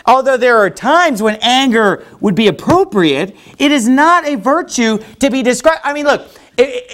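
A man preaching in a loose, conversational way, rambling with many restarts and folksy asides. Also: high-pitched. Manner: rambling, folksy, heavy with "you know" and restarts. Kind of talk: conversational sermon.

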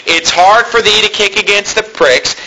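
Guy preaching a sermon, high bright voice, reads bible verses then explains. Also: normal speed, a little hiss or hum, low-quality recording. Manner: preaching, reading scripture aloud between plain explanations. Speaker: pastor.

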